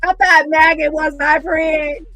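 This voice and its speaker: A woman voicing a self-pitying crybaby woman who whines and fake-sobs in a low, quavering voice. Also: a little slow, husky, no echo, faint music behind, poor audio. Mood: sobbing. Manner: fake crying, whiny.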